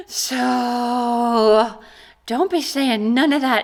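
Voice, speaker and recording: A woman's voice: medium pitch, slow pace, a bit bright. A woman chatting casually in an unboxing vlog, bubbly and giggly, rambling with lots of "like"s. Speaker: corset maker and vlogger.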